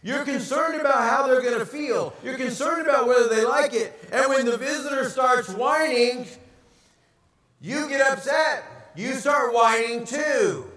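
A pastor preaching a sermon, animated and asking the congregation rhetorical questions. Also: male voice, very high voice, measured pace, echoey room, far from the mic.

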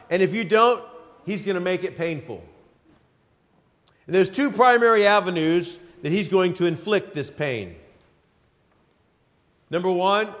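A man in his fifties preaching a sermon, with emphatic delivery, dramatic pauses and lists, in a church sanctuary. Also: sits high. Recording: long hall reverb.

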